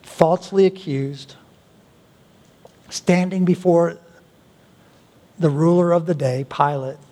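A male pastor preaching a sermon, with deliberate pauses and an emphatic delivery. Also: on the high side, warm tone. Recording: long hall reverb.

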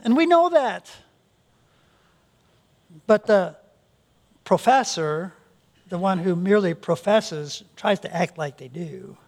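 A man's voice: high-pitched, expressive, slow pace, vocal fry, pauses often. A male pastor preaching a sermon, earnest, often repeating words as he restarts his sentences.

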